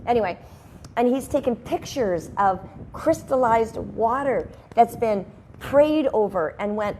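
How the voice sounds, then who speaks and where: A woman's voice: fairly high pitch, animated, measured pace, dark tone. Woman rambling thru a casual self-help talk at home, lots of asides, faint hiss behind. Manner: chatty, rambling, with sidebars and laughs. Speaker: host. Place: her home. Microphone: headphones and microphone at a video call setup.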